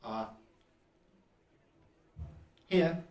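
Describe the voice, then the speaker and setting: A man voicing a strained robotic being who speaks in stilted, halting, clipped phrases. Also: darkish tone, echoey room. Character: strained robotic male being, formal and urgent.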